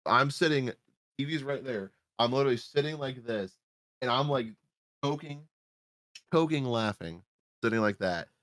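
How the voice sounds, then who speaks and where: A man's voice: mid-range voice, a little fast, a bit bright, no echo, clean studio sound. A man casually recapping a movie on a podcast, rambling and swearing freely as he acts out his own reactions. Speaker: podcast co-host reviewing a film.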